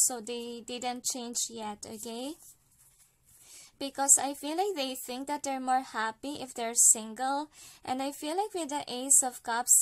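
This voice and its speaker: Chatty woman reading cards. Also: high voice. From Philippines. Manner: chatty, frequent fillers, ends points with "okay?". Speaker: card reader. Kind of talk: casual spoken card reading.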